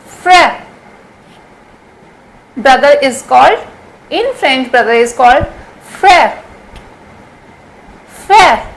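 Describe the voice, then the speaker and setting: Woman, Hindi speaker, patient vocabulary teacher, high-pitched, unhurried drill style. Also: a bit bright, poor audio. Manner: patient, repeats each word slowly several times. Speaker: language teacher. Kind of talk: vocabulary lesson.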